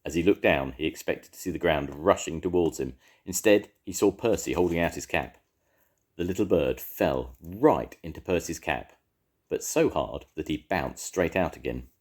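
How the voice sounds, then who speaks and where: An older man reading a children's story aloud to his grandchildren, expressive and warm. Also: very deep voice, normal speed.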